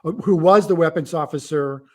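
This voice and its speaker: A man's voice: a little high, moderate pace, a little mellow. A middle-aged man, an author guest on a casual livestream chat, telling rambling stories and often cutting himself off mid-sentence. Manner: rambling, self-interrupting storyteller.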